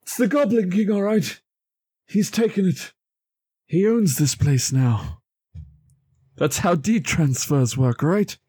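A man voicing an excitable male hero who plays detective, with theatrical, high-pitched exclamations. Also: takes it slowly, pauses often, slightly rough, dry recording, heavily acted. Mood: pompous.

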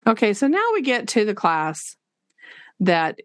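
A woman teacher, telling classroom stories in a casual, animated way and acting out what people said. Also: medium pitch, unhurried, no room sound. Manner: animated, laughing, acts out quotes. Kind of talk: casual storytelling interview.

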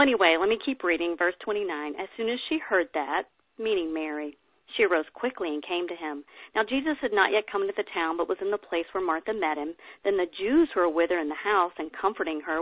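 A woman's voice: fairly low pitch, no room sound. Woman teaching scripture over a tinny line. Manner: chatty, with reading aloud and personal asides. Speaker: women's workshop speaker. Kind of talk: conversational Bible teaching. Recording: tinny, dry phone-like sound.

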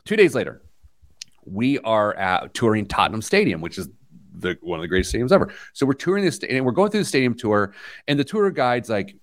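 A man's voice: medium pitch, big pitch swings, brisk, dry recording. An American man hosting a podcast, telling a self-mocking story in casual chat. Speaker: podcast host; youth soccer coach.

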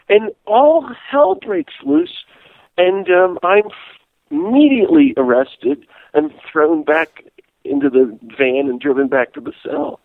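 A man telling a lively story in a casual interview, laughing as he goes. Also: sits high, normal speed, vocal fry, dry recording. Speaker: guest, peace activist and priest. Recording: tinny phone-like line.

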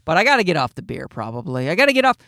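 A man's voice: on the high side, very animated, very fast, bright, forceful tone, dry recording, studio quality. A man, a father, casually telling a rambling, self-mocking anecdote in a jokey monologue.

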